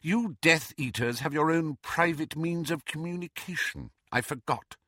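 A man voicing a stern, sharp-tongued older female professor with a clipped, scornful delivery. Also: on the high side, moderate pace, dry recording, studio quality, pitched above the performer's own voice.

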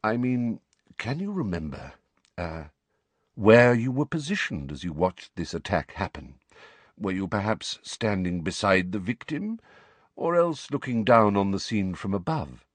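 A man voicing an old headmaster wizard who speaks quietly, calmly and in a measured way. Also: lowish voice, dry recording.

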